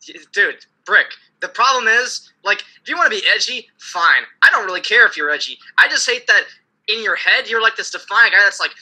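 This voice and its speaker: A man's voice: high voice, animated, brisk, bright, forceful tone, rough recording. A man on an online call, blunt and exasperated, criticizing a caller with profanity.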